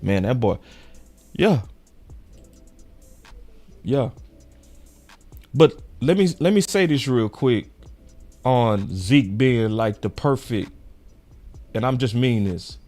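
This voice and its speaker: A young man hosts a sports show in loose, slangy chat. He gets animated when he tells stories, and his voice sits at an everyday middle pitch. Faint music plays underneath. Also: slow pace, pauses often. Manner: animated, slangy, laughs often, quotes fans in raised voice. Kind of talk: casual livestream chat.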